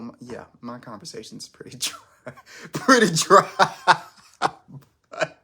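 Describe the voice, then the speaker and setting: Gravelly-voiced man chatting on a live stream. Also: medium pitch, fairly bright tone. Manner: rambling, self-conscious, many restarts. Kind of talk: casual live stream chat.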